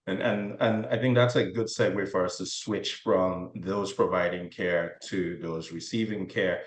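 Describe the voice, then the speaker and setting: Man, panel moderator, low voice, conversational and wry, echoey room. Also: fairly even intonation, unhurried. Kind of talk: panel discussion. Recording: roomy echo.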